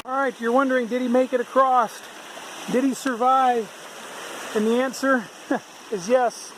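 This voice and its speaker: High-voiced man vlogging on a trail. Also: fairly even intonation, measured pace. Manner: chatty, easygoing, with frequent fillers and chuckles. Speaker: thru-hiker vlogger. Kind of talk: casual vlog narration to camera. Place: outdoors on a mountain trail by a stream. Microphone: handheld camera mic. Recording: faint outdoor background noise.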